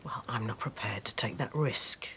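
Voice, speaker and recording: A woman's voice: very deep voice, normal speed, whispered. An actress playing a firm, insistent mother in a soap opera. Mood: stern. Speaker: mother and sister.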